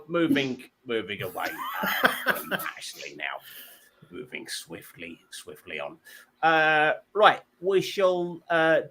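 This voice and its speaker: Animated, bright-voiced male comedy host. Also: medium pitch, slight background noise. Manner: animated comic storytelling, self-mocking. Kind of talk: hosting a comedy panel show, telling stories.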